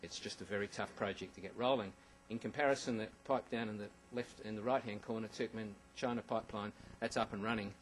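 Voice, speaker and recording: Fast-talking man giving a slide presentation. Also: lowish voice, steady tone, rough recording. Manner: wry asides, frequent ums and restarts. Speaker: conference speaker.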